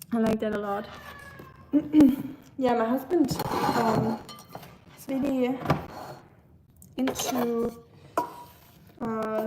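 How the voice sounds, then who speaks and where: Heavy background noise surrounds a young woman with a voice on the high side. She hosts a casual livestream, eating while she chats, muses, and responds to viewers in the live chat.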